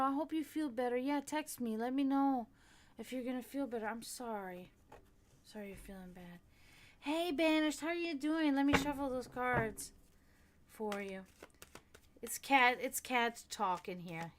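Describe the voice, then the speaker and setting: A woman with a somewhat high voice chats casually on her tarot reading livestream. She is excitable, greets her viewers and swears freely, with frequent laughter running through her talk. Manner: swears freely and laughs often while talking.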